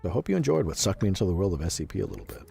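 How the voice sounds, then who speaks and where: A man's voice: low-pitched, sing-song, rapid-fire, creaky, dark tone, soft background music. A male streamer with a stuffy nose, chatting casually with his viewers in a rambling, filler-heavy way.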